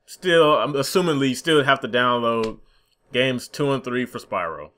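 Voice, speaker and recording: A man's voice: medium pitch, normal speed, bright, forceful tone. A young man in a gaming commentary vlog, frustrated and profane, mocking the companies as he rants. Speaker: gaming YouTuber.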